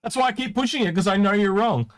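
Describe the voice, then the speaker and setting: A man's voice: high voice, fast talker, smooth. A man co-hosting a live Q&A, arguing insistently and cutting in over a video call. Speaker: co-host. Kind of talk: heated live Q&A argument.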